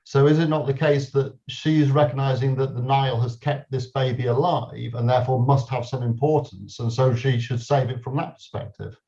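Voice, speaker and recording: A man's voice: mid-range voice, normal speed, vocal fry, few pauses, warm tone. A man in a study class reasoning aloud as he puts a question to the teacher. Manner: questioning, reasoning a point through. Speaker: class participant. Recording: dull lo-fi pickup.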